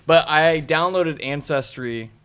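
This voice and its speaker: A man's voice: a little high, takes it slowly, a bit bright, clear, resonant tone. A man from the southern United States, chatting casually as a podcast host and rambling through his stories with many fillers. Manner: rambling, filler-heavy storytelling. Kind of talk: casual chat.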